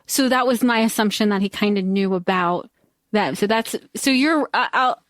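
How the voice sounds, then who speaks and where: A woman's voice: mid-range voice, moderate pace, a bit bright, dry recording, studio quality. A woman co-hosting a podcast, reflecting on a movie in casual chat, full of "like" and "you know" and often correcting herself. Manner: thoughtful, fillers like "like" and "you know", self-correcting. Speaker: podcast co-host.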